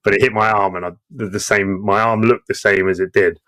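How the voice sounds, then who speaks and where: Guest: man, 30s, lowish voice, salty and animated, laughs through his own tales. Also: brisk. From Britain. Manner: profane, acts out quoted voices, laughs often. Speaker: guest veteran. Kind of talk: casual war storytelling.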